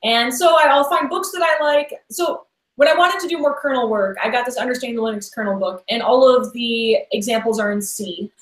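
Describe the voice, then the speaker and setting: A woman's voice: a little high, fairly quick. A woman guest in a casual interview, talking in a rambling, chatty way with lots of "like" and restarts. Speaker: podcast guest. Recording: echoey room sound.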